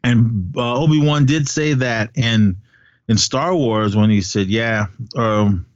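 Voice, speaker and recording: A man's voice: mid-range voice, a little slow, no echo. A man in his forties co-hosting a casual fan chat, enthusiastic and rambling with many fillers. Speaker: podcast co-host. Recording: dull dry sound.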